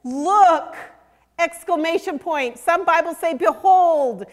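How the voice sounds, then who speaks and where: An older woman preaching a sermon, earnest and emphatic, sometimes dropping to a hush. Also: very high voice, takes it slowly. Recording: long hall reverb.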